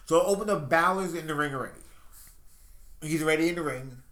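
A man's voice: fairly high pitch, quick pace, bright, forceful tone, echoey room. A man co-hosting a casual podcast chat, enthusiastic and often acting out quotes. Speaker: podcast co-host.

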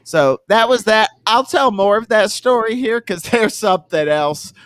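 A man's voice: high voice, expressive, normal speed, fairly bright tone, clear, resonant tone, dry recording. A man hosting a podcast, telling a rambling story in casual chat and laughing often. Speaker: podcast host.

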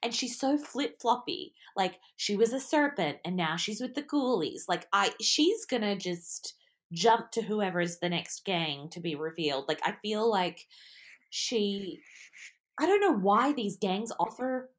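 A woman co-hosting a podcast, chatting casually and bluntly, quick to jump to over-the-top jokes. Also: medium pitch, expressive. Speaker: podcast co-host. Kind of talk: casual chat.

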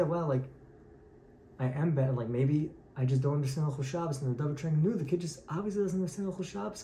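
A man teaching a Torah class, telling stories with lively acted-out quotes. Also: fairly high pitch, creaky. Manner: animated storyteller acting out quoted voices. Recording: echoey room, faint background noise.

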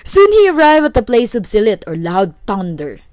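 Woman, storytelling narration, steady clear reading, medium pitch, dry close sound. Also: moderate pace, no echo. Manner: steady, clear read-aloud.

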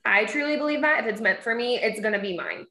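A mom chatting casually, laughing often and acting out quotes in a bright, animated voice. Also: female voice, quick pace. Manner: giggly, animated, acts out quotes in a high voice. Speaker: mom and podcast guest. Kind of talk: casual chat. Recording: echoey room.

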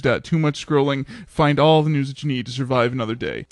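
A man's voice: mid-range voice, no echo, studio quality. A man co-hosting a podcast, chatting casually and laughing often as he jokes. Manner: laughs often, quick and playful. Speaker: podcast co-host. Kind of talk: casual chat.

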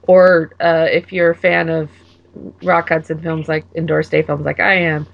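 A woman's voice: sits low, level tone, normal speed, vocal fry. Gushing woman podcast co-host, muffled. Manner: enthusiastic, laughs often, gushing fan. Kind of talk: casual chat. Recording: muffled lo-fi audio.

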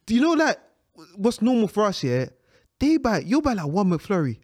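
A man's voice: high-pitched, big pitch swings, moderate pace, darkish tone. A young man in casual chat, telling stories with playful exaggeration.

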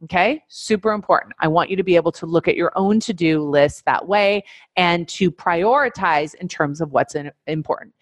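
A woman with a fairly low voice teaches a webinar as a coach, speaking straight to her listeners with firm, emphatic instructions. She drives points home by repeating key phrases. The sound is dry and close, with almost no room tone. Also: normal speed, no echo.

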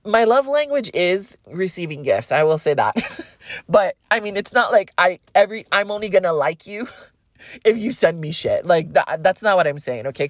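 A woman's voice: on the low side, dry recording, studio quality. A woman hosting a podcast, talking casually about astrology in a rambling, frank way, with a light Hawaiian accent and plenty of swearing. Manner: rambling, frank, swears freely, laughs often. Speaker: podcast host.

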